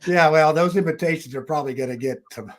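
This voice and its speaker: A man's voice: a little high, fast talker. A man hosting a live talk show in casual chat, rambling with many fillers and frequent chuckles.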